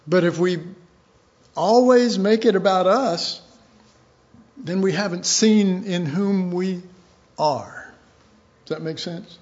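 A man preaching in a folksy, rambling sermon. His voice sits high for a man and he talks slowly and unhurriedly. The recording sounds dull and lo-fi. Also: darkish tone. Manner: rambling, folksy, chuckles often. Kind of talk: informal sermon.

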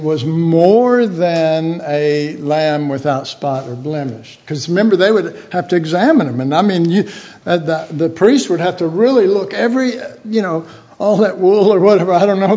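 A man's voice: high-pitched, a little mellow. A man giving a conversational Bible teaching, chatty and informal, acting out little imagined dialogues. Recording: dull lo-fi recording.

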